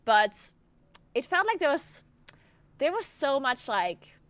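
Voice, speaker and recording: A woman's voice: high-pitched, sing-song, slow pace, fairly bright tone, no room sound. Chatty woman. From South Tyrol. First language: German dialect. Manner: chatty, many "like" fillers, swears, laughs often. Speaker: streamer. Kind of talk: casual live-stream chat while gaming.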